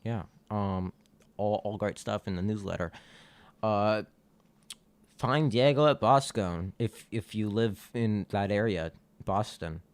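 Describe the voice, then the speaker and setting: A man's voice: fairly low pitch, slow pace, smooth, dry recording. A man co-hosting a podcast in casual chat, laid-back and teasing, reading out contact details. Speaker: podcast co-host.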